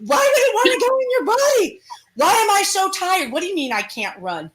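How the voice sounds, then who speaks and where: A woman's voice: extremely high pitch, very animated, a little fast, pitched above the performer's own voice, poor audio. A woman voicing a whiny demon stuck in an aching human body, groaning and complaining.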